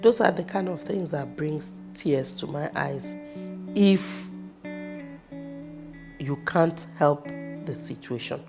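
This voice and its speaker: A Nigerian actress telling personal stories in a casual, expressive way, with sudden loud bursts. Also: female voice, low voice, slow, pauses often. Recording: music playing behind the voice.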